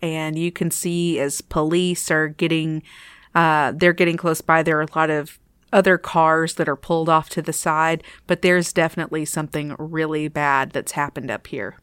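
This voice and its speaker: A woman narrating a tabletop game as game master, casual with many fillers and slowing on details. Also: low-pitched, little pitch movement, a bit bright, clean tone, dry recording, studio quality.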